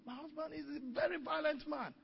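A man's voice: extremely high pitch, steady tone, fairly quick, gravelly, voice pushed up, full character voice. A man acting out a frightened, beaten wife who pleads and cries for help, in a dull recording with a long hall echo. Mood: fearful.

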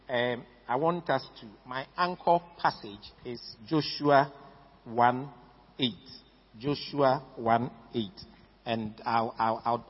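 Emphatic Ghanaian preacher, echoing hall. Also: male voice, medium pitch, slightly rough. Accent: Ghanaian English. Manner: emphatic, repeats words, stresses key words. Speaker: pastor. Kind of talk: sermon. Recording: dull lo-fi recording in a reverberant hall.

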